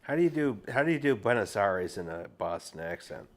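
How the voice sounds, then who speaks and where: A man's voice: lowish voice, very animated, a little fast. A man hosting a casual podcast, a playful joker who breaks into laughter. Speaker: podcast host.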